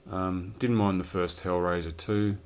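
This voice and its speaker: A man's voice: deep voice, fairly even intonation, measured pace, darkish tone, clear, resonant tone. A man chatting casually and rambling about his film collection, swearing now and then. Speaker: collector showing his films. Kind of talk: casual chat.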